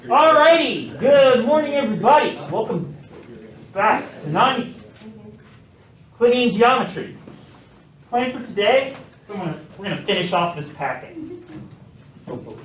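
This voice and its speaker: A man lecturing a math class in a relaxed, joking manner with frequent fillers. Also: high voice, unhurried, pauses often. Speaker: math professor. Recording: echoey classroom, mic some distance off.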